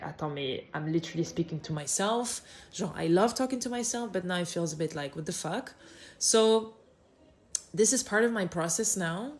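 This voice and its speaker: A woman's voice: on the low side, darkish tone. A woman with a French accent, hosting her own podcast in a casual, reflective monologue. She talks with energy, swears freely and drops French phrases into her speech. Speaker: podcast host.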